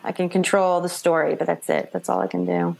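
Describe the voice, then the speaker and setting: A woman author talking casually in an interview, chatty and animated, acting out quoted voices as she tells her story. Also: fairly low pitch, brisk, creaky. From New York / New Jersey. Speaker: author guest.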